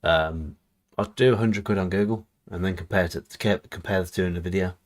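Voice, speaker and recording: A man's voice: deep voice, fairly quick. A man co-hosting a livestream, bantering and reading viewer comments aloud in a chatty way. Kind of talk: casual chat on a livestream.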